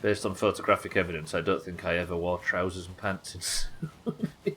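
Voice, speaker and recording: Streamer, male, young, bright lowish voice, casual swearing, faint room ambience. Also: level tone, normal speed, slight background noise, rough recording. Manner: chatty, swears freely, thinks aloud. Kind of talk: live gameplay commentary.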